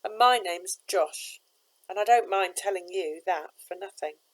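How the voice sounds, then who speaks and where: A woman voicing a kindly boatman with a strange accent, speaking gently and reassuringly in a storybook reading. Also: mid-range voice, unhurried, lightly acted, low-quality recording.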